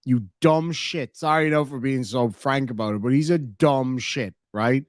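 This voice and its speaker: A man's voice: mid-range voice, unhurried, no room sound. Irish guy doing reaction commentary, sweary and blunt, dry close sound. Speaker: host reacting to clips.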